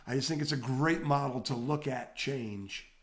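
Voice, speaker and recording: A man with a Michigan accent co-hosting a retail training webinar, giving advice in an energetic, coaching tone. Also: medium pitch, moderate pace, roomy sound. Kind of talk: casual webinar talk.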